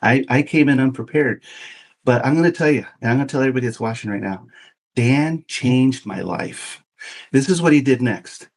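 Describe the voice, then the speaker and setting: A fast-talking man in his fifties with a medium-pitched voice guests on a podcast and tells a long, casual story about his life. He animates it by acting out everyone's quoted lines.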